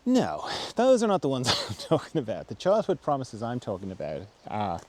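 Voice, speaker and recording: A man speaking softly and reflectively at a middle pitch, as if thinking aloud. He pauses, restarts and searches for words. A faint hiss sits under his voice. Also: huge pitch swings. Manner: softly acts out quoted voices, dropping to a whisper. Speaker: host answering a viewer's question. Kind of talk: reflective spoken talk on self-help.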